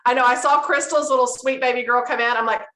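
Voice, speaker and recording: A woman's voice: fairly high pitch, steady tone, fast talker, a bit bright. A woman sharing a story on a team call, setting it up in a playful, teasing way. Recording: roomy echo.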